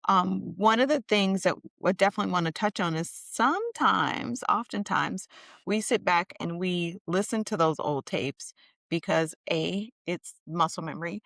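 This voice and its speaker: A woman co-hosting a podcast in casual chat, lively and affirming, with a chatty manner. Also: on the low side, normal speed, gravelly, no room sound, clean studio sound. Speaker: podcast co-host.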